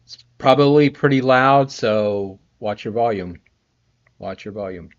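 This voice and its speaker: A man's voice: fairly low pitch, a little slow. A middle-aged man, a composer on a casual live stream from his home production studio, chatting in a rambling, friendly way while sleepy and yawning. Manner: rambling, friendly, greets viewers by name. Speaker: composer streaming a scoring session. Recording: slightly dull lo-fi stream audio.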